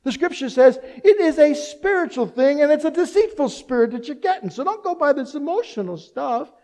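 A male pastor preaching an animated sermon, asking the congregation rhetorical questions and mixing in humor. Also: very high voice, normal speed.

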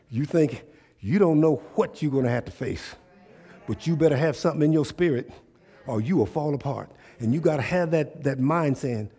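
A man's voice: mid-range voice, slightly rough. A male preacher giving a sermon, speaking. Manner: call-and-response preaching, rising to loud animated storytelling.

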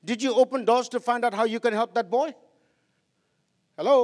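A man preaching passionately as a pastor, swinging between loud outbursts and quiet asides. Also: very high-pitched, steady tone, moderate pace. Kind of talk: sermon. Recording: long hall reverb.

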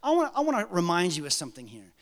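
A man in his forties preaching a sermon as pastor, animated, acting out prayers in different voices with joking asides. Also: high-pitched, racing, long reverb tail.

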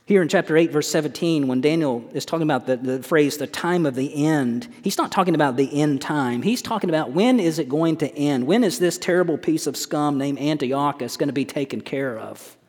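A man's voice: fairly high pitch, a little fast, hardly any pauses, a little mellow. A male pastor preaching a sermon, emphatic, often putting rhetorical questions to his congregation. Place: church sanctuary. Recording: long church hall reverb.

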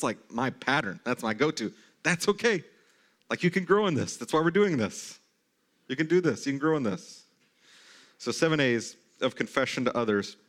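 A man in his thirties preaching a sermon in a church, talking in a conversational way with animated, mock-incredulous asides. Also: a little high. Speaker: pastor. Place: church sanctuary.

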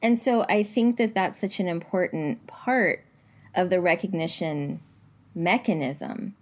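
A woman hosting her own podcast, talking in an earnest, reflective way with soft pauses. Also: fairly low pitch. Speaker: podcast host. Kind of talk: casual solo podcast talk; scripted podcast intro.

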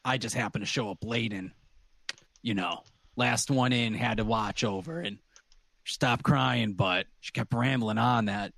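Gruff, defensive guard, voiced by a man, dry close mic. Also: medium pitch, a little slow, a bit bright, no room sound. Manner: defensive, offhand.

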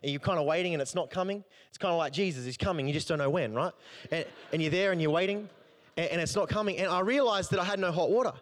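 High-voiced man preaching with humor. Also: fast. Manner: conversational, humorous, animated storytelling. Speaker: pastor. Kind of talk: sermon with personal story.

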